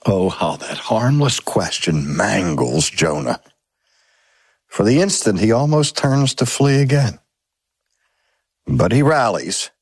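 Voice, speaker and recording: A man reading aloud a sermon from a novel in a measured, dramatic way. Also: lowish voice, very animated, husky, no room sound. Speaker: reader. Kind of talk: scripted narration of a sermon from a novel.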